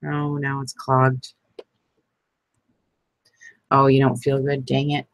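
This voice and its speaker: A woman's voice: deep voice, rough recording. Chatty woman crafting on camera. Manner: chatty, laughs often, talks to live viewers. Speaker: crafting vlogger. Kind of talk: casual crafting chat.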